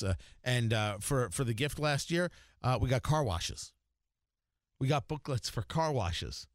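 Lively, rambling male radio host. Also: on the high side, no room sound, clean studio sound. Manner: rambling and jokey, many fillers and restarts. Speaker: radio morning show host. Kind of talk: casual talk radio chat.

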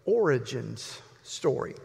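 A man in his sixties, a pastor, giving a sermon as humorous, folksy storytelling with long pauses. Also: medium pitch, sing-song, gravelly, a little mellow. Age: 60s. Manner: folksy, joking, drawn-out pauses. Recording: reverberant hall.

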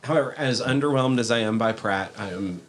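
A man co-hosting a casual movie podcast, giving measured opinions. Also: lowish voice, slight background noise. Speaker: podcast co-host. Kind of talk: casual chat.

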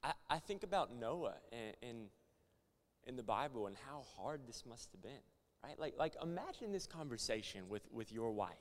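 A man preaching at a conference, animated, swinging from loud to hushed. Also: mid-range voice, moderate pace. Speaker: conference speaker. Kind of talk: sermon. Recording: long hall reverb.

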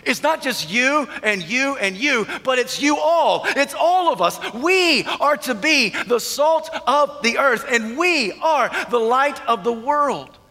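A man, a minister preaching a sermon with emphatic repetition and drawn-out stresses. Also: extremely high pitch, pushed and bright, big-room sound.

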